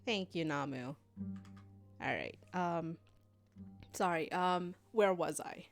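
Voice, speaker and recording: A woman streamer, game master, narrating a tabletop game on a live stream, halting with many fillers. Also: on the low side, expressive, faint music behind.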